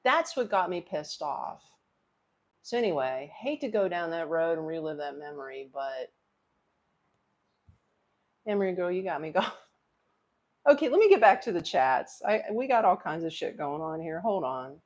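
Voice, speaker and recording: A woman's voice: fairly low pitch, big pitch swings, moderate pace, long pauses. Middle-aged woman, livestream host, candid rambling storyteller who talks straight to her viewers. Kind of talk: casual storytelling to live chat.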